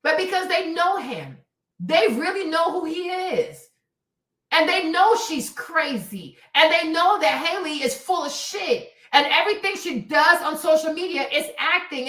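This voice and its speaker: A high-voiced woman rants through a livestream commentary, swearing freely and hammering her points with repetition. Her voice rings around a hollow, echoey room. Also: fairly bright tone. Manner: profane, emphatic, repeats herself for emphasis. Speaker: livestream host. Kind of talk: heated commentary rant.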